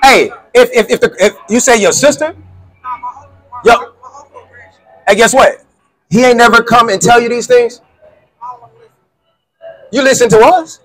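A man's voice: very high-pitched, a little slow, pauses often, fairly bright tone, faint music behind, rough recording. A man preaching in the street with call-and-response, insistently quizzing a listener and repeating his questions.

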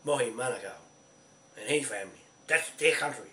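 Speaking in a New Zealand accent, a man with a mid-range, brisk, pushed and bright voice rants angrily and profanely as a land claimant, coughing now and then. The recording sounds roomy, with a distant mic and faint noise.

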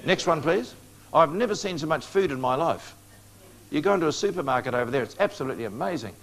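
A man's voice: a little high, lively intonation, fast, gravelly. A man preaching a prophecy lecture to a live audience, coaxing responses with questions and joking asides.

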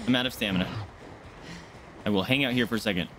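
A man streaming a game and commenting live, excitable, yelping and swearing as he plays. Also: on the low side, fast, over music. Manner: excitable, yelps and swears mid-fight. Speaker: gaming streamer.

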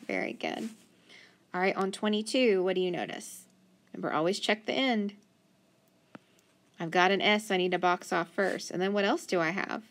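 A woman's voice: medium pitch, fairly bright tone. A woman teaching a children's phonics lesson, patiently sounding out syllables and praising answers. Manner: slow, patient, sounding words out. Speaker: reading teacher.

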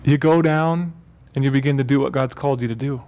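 A man's voice: mid-range voice, fairly even intonation, brisk, a little mellow, smooth. A man preaching a sermon as pastor, talking in a loose, joking way and often correcting himself mid-sentence. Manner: conversational and joking, with self-corrections. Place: church.

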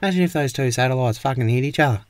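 A man voicing a crude, cheeky Australian bloke in a cartoon with a shrill, cockatoo-like voice, swearing constantly. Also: slight background noise, close to an everyday voice. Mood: bickering. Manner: swears constantly, quick comebacks. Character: squawky wiry Aussie bloke, crude and cheeky. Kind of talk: animated cartoon voice acting.

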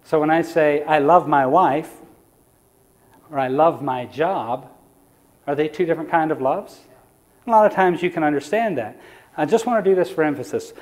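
A man's voice: a little high, normal speed, pauses often. A man preaching in a church, teaching the audience in a conversational lecture style and asking them questions. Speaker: evangelist.

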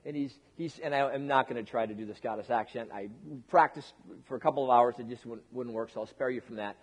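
Husky-voiced pastor in a reverberant hall. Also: male voice, medium pitch, fast talker. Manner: joking, conversational, with repeated restarts. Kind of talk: casual sermon.

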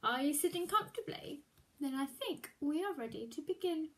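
A woman teacher reading a storybook aloud to young children, speaking in a warm, expressive and exclamatory way. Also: sits high, normal speed.

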